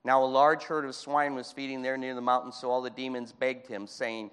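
A man preaching a fervent sermon in a church, moving between shouting and hushed speech. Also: medium pitch, little pitch movement, a little fast, clean tone. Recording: long hall reverb.

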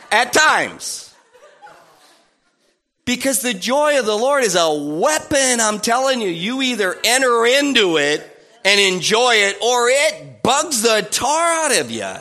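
A man preaching a sermon in a playful, animated way, acting out little voices and sounds. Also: high voice, unhurried.

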